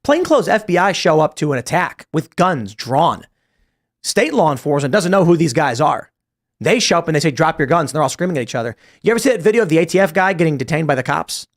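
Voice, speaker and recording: A man hosting a political panel show, talking fast and acting out quoted shouts as he tells stories. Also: fairly high pitch, very animated. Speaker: host.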